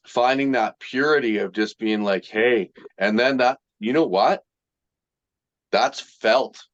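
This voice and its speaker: A man's voice: medium pitch, takes it slowly, dry recording. A man in casual podcast talk, rambling earnestly with lots of filler words. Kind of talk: casual chat. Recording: dull, lo-fi dry sound.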